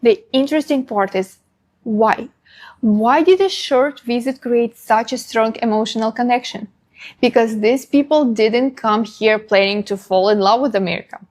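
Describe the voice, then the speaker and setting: Female narrator, scripted, measured, highish voice. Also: darkish tone.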